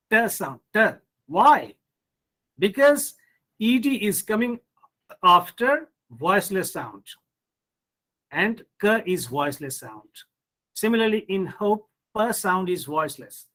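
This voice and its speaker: Indian English male professor, high voice, unhurried lecture with rhetorical questions. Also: expressive, sharp tone, low-quality recording. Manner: explains step by step, asks rhetorical questions, says hmm. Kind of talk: online pronunciation lecture.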